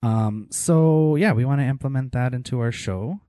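As a podcast co-host, a man chats casually, laughing often and restarting his sentences. His medium-pitched, warm voice moves at a moderate pace, recorded in studio quality with no echo.

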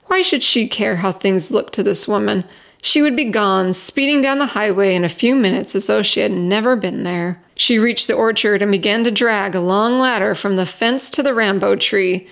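A woman reading a short story aloud as storyteller, in a steady, expressive voice. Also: mid-range voice, moderate pace, vocal fry.

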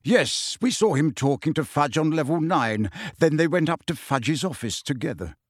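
A man voicing a kindly, brisk middle-aged dad. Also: on the high side, lively intonation, breathy edge, no room sound, clean studio sound.

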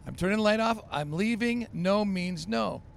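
An exhausted, fed-up father, as a man acts him out in a story, laying down the law in short, firm bursts. His voice is a touch high for a man and gravelly. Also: normal speed, a little hiss or hum. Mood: stern. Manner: firm, scolding, increasingly irritated. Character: tired, exasperated father putting son to bed.

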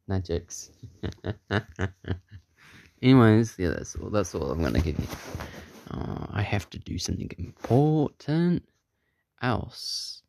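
A man spins an improvised podcast story at an unhurried pace, rambling through fillers. His voice is dark and mellow but lively in pitch, recorded close and dry. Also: vocal fry, no echo. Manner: rambling, many fillers, chuckles at own jokes.

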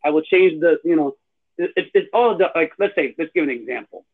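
A man's voice: on the high side, expressive, brisk. A middle-aged man from Canada hosting a podcast, chatting casually in slang and laughing often. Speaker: podcast host. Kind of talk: casual chat. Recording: tinny phone-line sound.

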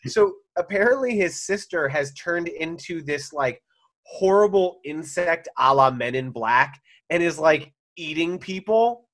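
A man's voice: fairly high pitch, measured pace, a bit bright. A man co-hosting a podcast, chatting casually and retelling scenes expressively, mimicking the characters. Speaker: podcast co-host. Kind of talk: casual chat.

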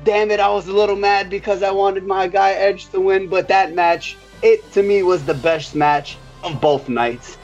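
A man's voice: sits high, normal speed, hardly any pauses, a little mellow, dull audio, faint music behind. A man co-hosting a casual chat, easygoing with frequent restarts. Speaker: podcast co-host.

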